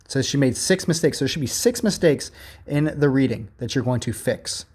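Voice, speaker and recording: A male teacher giving a remote grammar lesson, reading examples from a workbook and explaining them slowly with frequent "okay?" check-ins. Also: medium pitch, animated, a little mellow, husky.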